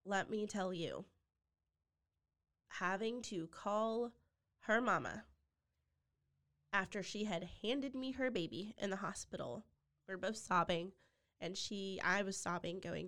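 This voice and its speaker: A woman, a podcast guest and foster mother, telling a personal story with deep feeling and sometimes dropping to a near-whisper. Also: fairly bright tone, clear, resonant tone. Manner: heartfelt, drops to near-whispers when quoting others.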